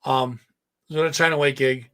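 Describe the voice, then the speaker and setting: A man hosting a casual live stream, hoarse, telling a rambling, profane story and breaking off to talk to his chat. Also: medium pitch, fairly even intonation, fairly quick, a bit bright. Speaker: host.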